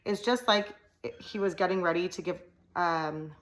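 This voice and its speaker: A woman's voice: fairly low pitch, moderate pace, lightly acted. A woman voicing a bold, scheming teenage girl who talks eagerly, in an audiobook reading. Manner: eager, excited.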